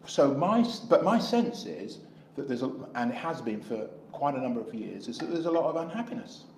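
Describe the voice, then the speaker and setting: Middle-aged English man, candidate in a street interview, rambling storyteller, mid pitch, roomy echo. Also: very animated, fairly quick, darkish tone, slight background noise. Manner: rambling, acts out dialogue in anecdotes. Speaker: independent election candidate. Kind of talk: interview answers.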